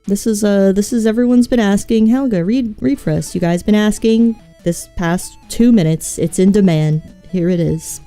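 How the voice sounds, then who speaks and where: A woman streaming live with a scratchy, mellow voice, rambling between topics and swearing freely. She is self-mocking and casual in her delivery. Faint music plays behind her. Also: mid-range voice, moderate pace, hardly any pauses. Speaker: VTuber streamer.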